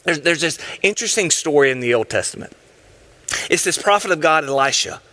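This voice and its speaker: A male preacher delivers a sermon with emphatic, urgent passion. His voice sits high and sounds bright and forceful. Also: lively intonation, brisk.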